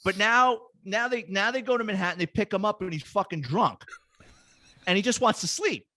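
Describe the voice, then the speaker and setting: Man, middle-aged, guest storyteller, profane, lively, slightly high voice, dry sound. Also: moderate pace, no echo. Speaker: guest, retired police detective. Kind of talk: casual storytelling chat.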